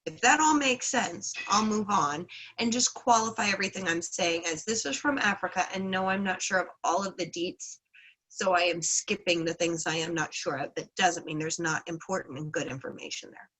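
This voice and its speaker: A woman's voice: fairly low pitch, normal speed, a bit bright, low-quality recording. A woman teaching a casual class, retelling a folk tale in a chatty, playful way with frequent hedges. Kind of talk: casual lesson with folk storytelling.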